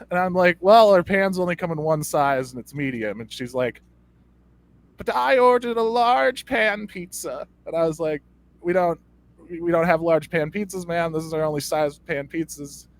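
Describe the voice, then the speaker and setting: Young man, high-pitched voice, comedy podcast co-host, rambling, stammering storyteller. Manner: rambling, stammering storyteller who mimics customers.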